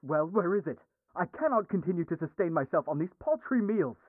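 A man's voice: high-pitched, animated, rapid-fire, no room sound. An actor playing a haughty inhuman male creature who speaks in a pompous, indignant, formal way, heard over a tinny radio line.

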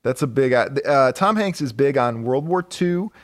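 A podcast co-host, a man, walks through an old comic's plot in loose, casual talk, swearing and laughing as he goes. His voice sits at an ordinary middle pitch. The recording is dry and close, with no room sound. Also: expressive, normal speed, dry recording. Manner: retells comic plots with profanity and laughs. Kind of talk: casual chat.

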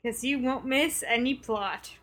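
A woman's voice: a little high, a little slow, fairly bright tone. Dry, quipping female co-host. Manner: dry, sarcastic quips. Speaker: podcast co-host. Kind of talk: casual movie-review chat.

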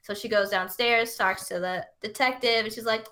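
A woman's voice: on the high side, moderate pace, few pauses. A woman chatting casually as a podcast co-host, retelling a movie and acting out the characters' lines. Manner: animated, acts out quotes in put-on voices. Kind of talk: casual chat.

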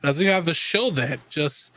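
Male podcast co-host, slightly high voice, casual and excitable, quick to laugh. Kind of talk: casual chat.

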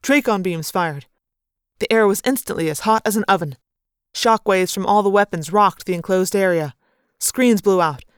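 A woman's voice: mid-range voice, normal speed, smooth. A woman reading a sci-fi novel aloud in first person, narrating with dramatic, vivid storytelling. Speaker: audiobook narrator.

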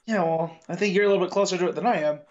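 An American man co-hosting a podcast, chatting casually about a film and sometimes bursting into excitement. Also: sits high, rapid-fire, a little hiss or hum. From United States. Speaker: podcast co-host. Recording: dull lo-fi mic.

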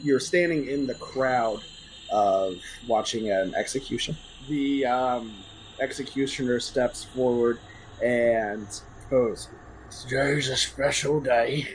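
A man's voice: medium pitch, takes it slowly, a little hiss or hum, low-quality recording. A man narrating a tabletop game as game master, with fillers and restarts.

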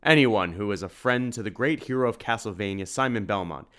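Gruff, growling burly shopkeeper, put on by a male reader; formal, wary. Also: lowish voice, brisk, a bit bright, close to an everyday voice. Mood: hearty.

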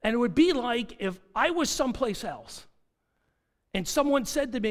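Guy preaching, high voice that jumps all over, acts out the lines, long echo in a church. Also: expressive, brisk. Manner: dramatic, acts out quoted dialogue, rhetorical questions. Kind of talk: sermon. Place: church sanctuary. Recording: long hall reverb.

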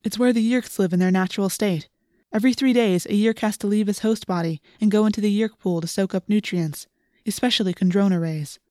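A woman's voice: medium pitch, brisk, mellow, no echo, clean studio sound, natural voice. A woman voicing an earnest teenage boy who talks eagerly about flying, read as part of an audiobook. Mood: explaining. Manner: enthusiastic, earnest. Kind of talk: audiobook reading.

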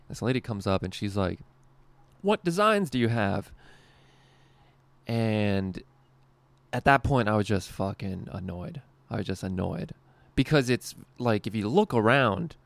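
A man's voice: lowish voice, creaky, no echo. A man telling a rambling, profane work story casually, with a lot of laughing.

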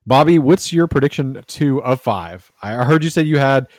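A man's voice: medium pitch, expressive, normal speed, darkish tone, no room sound, studio quality. A man hosting a casual podcast chat, talking in a loose, rambling way as he thinks aloud. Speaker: podcast host.

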